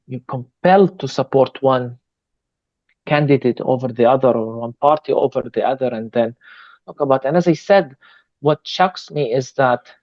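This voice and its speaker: A man, a pastor, answering an interview question in a measured, earnest way, pausing with fillers. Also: mid-range voice, a little mellow, no echo, muffled recording. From Palestine. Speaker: pastor and guest.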